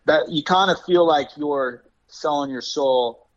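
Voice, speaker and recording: A guest artist from Arizona, USA, talks enthusiastically over the phone in a casual interview, rambling and restarting his sentences. His voice is fairly high and a little slow, with a dull phone-line sound.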